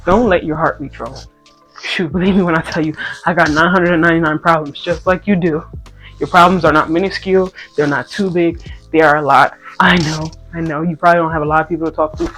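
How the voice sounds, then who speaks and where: A speaker in their twenties telling a casual story and then a Bible talk to viewers, animated and playful, swinging between loud outbursts and hushed asides. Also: medium pitch, quick pace. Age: 20s. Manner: playful slangy banter with viewers. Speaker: content creator. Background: faint background music.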